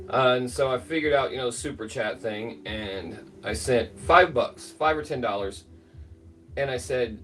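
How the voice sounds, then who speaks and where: A man's voice: mid-range voice, normal speed, a bit bright, distant mic, soft background music. Rambling middle-aged man telling a story. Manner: rambling, filler-heavy, greets chat by name. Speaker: livestream host. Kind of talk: casual storytelling on a livestream.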